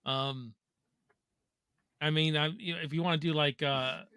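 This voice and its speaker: Canadian guy hosting a live watch party, bright tense voice, dry close sound. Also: on the high side, steady tone, unhurried, smooth, no room sound. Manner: reads chat questions aloud, casual and joking. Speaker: host.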